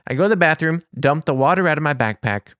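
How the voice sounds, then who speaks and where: A man telling a casual anecdote in an animated, exasperated way, with vivid asides. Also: a little high, fast talker, no echo, clean studio sound. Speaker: storyteller.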